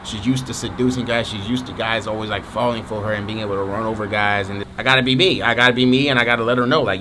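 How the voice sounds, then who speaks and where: A young man telling a storytime vlog in an animated way, full of "you know what I'm saying". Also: mid-range voice, fast talker, few pauses, a little hiss or hum. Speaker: vlogger.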